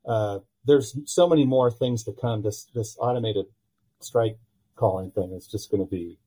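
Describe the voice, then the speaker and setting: Dark, husky-voiced man telling animated stories. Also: fairly low pitch, moderate pace, low-quality recording. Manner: animated storyteller who acts out quoted dialogue. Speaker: podcast guest, pitching analytics company founder. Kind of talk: casual podcast conversation.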